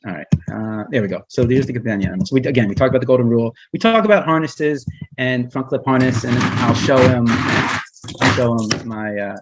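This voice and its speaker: A man's voice: mid-range voice, brisk, noisy background. A man who works as a humane educator, giving a casual online presentation with slides, speaking conversationally with many restarts and fillers.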